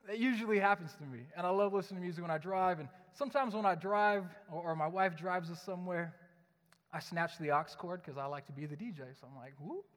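Brief: young male pastor, high voice, chatty and joking sermon delivery, long reverb of a large church hall. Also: fast. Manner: conversational, joking, animated storytelling. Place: church sanctuary.

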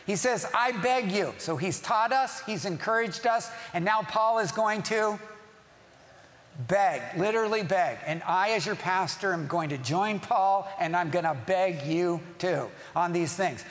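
Pastor, male, high voice, emphatic sermon delivery, long hall echo. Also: unhurried, fairly bright tone. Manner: emphatic, repeats key phrases, asks the congregation questions.

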